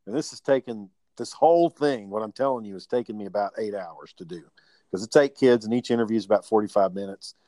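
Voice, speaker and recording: Profane, animated male storyteller, dry sound. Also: on the low side, quick pace, no echo. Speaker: podcast guest telling work stories. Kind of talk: casual chat.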